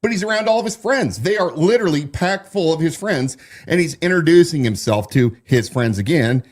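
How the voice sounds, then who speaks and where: A man's voice: a little high, animated, fairly quick. A man giving casual political commentary as a podcast co-host, talking loosely with frequent restarts. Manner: conversational, many restarts and repeats.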